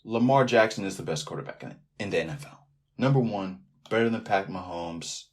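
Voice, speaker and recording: A man hosting a sports podcast alone, talking in a loose, animated way that keeps drifting off into tangents. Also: low voice, brisk. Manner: rambling, animated, riffs off on tangents. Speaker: podcast host. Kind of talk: casual sports podcast monologue.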